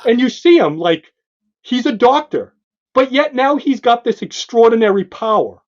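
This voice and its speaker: A male co-host in an excited comic book discussion, emphatic and animated, pointing out panel after panel. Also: very high-pitched, normal speed. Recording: dull lo-fi sound.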